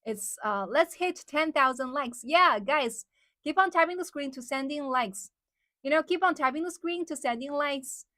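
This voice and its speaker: A woman's voice: sits high, moderate pace, sharp tone, dry recording, studio quality. A woman whose first language is Chinese, hosting a casual livestream and chatting with viewers, with lots of "like" and "um" fillers. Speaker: livestream host.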